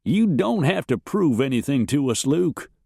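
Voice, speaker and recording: A man voicing an old farmer grandfather, gruff but kindly, with a folksy drawl, in a western audiobook. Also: medium pitch, sing-song, unhurried, mellow, no room sound, clean studio sound, pitched above the performer's own voice, full character voice. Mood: reassuring.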